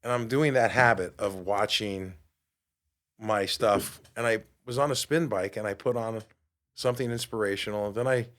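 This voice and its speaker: Animated New man telling a story. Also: on the low side, moderate pace. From New York. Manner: animated, acts out quoted dialogue. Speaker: podcast host. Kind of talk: storytelling monologue.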